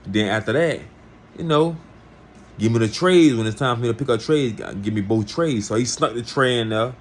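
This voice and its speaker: A man telling a personal story in a casual, lively way, acting out the people he quotes. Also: medium pitch, moderate pace, a little hiss or hum.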